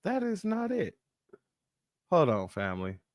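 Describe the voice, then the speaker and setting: A man's voice: on the high side, huge pitch swings, a little slow, no echo, studio quality. A man hosting a casual political commentary show, emphatic and talking straight to his viewers as family.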